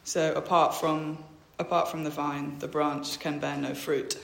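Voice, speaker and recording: Speaking low and flat, a young woman hesitantly recounts her faith journey, with frequent pauses and plenty of ums. Between her reflections she reads out Bible verses. Her recording has a clear room echo.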